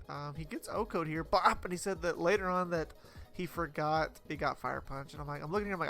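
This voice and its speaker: A man's voice: on the high side, brisk, gravelly, bright, forceful tone, faint music behind. A young man giving casual gameplay commentary over his own battle, rambling and chatty with frequent fillers and self-corrections. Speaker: competitive Pokemon player commentating his battle.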